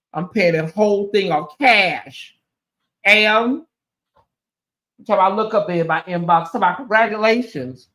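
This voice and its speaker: A man hosting a casual livestream, speaking in a somewhat high voice. He addresses his viewers directly with a sassy, animated delivery that swings between teasing and heartfelt thanks. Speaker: livestream host.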